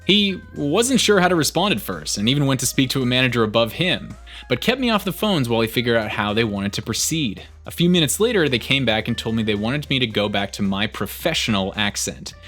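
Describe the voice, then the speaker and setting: A man reads online stories aloud with an animated, swooping delivery. His voice sits in the middle of the male range, and soft music plays underneath. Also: lowish voice. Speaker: story narrator. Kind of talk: reading online posts aloud.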